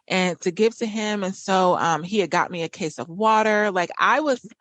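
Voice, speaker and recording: A woman's voice: medium pitch, normal speed, fairly bright tone. A woman podcast host, casually telling a personal story in a chatty way with many fillers and restarts.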